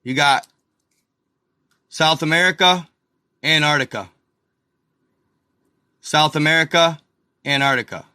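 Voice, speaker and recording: A man hosts a live stream from a computer at home, talking slowly and loosely over a map and calling his viewers y'all. His voice is bright and sits a little high. The sound is dry and close, with the mic near him and almost no room around it. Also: no echo. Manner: slow, rambling, addresses viewers as y'all; exasperated asides, mutters to himself. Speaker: channel host.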